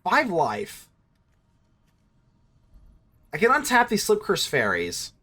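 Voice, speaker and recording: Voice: mid-range voice, wildly swooping pitch, slow, sharp tone. A card game streamer thinking aloud through a match, fretting and scolding themselves over mistakes in casual commentary.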